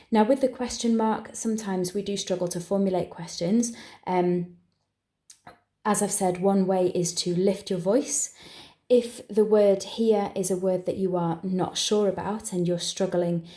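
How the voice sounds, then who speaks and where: A woman with an English accent teaching, who explains each step clearly and patiently and slows down for the phrases she models. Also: fairly low pitch, mellow, reverberant. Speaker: language teacher. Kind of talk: exam preparation tutorial.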